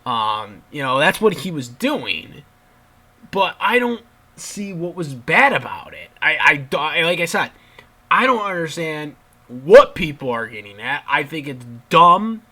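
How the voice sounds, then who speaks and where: A man's voice: on the high side, very animated, unhurried, sharp tone. A young man giving an exasperated, sweary casual rant about wrestling as a channel commentator. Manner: exasperated, ranting with frequent swearing and restarts. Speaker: YouTube commentator.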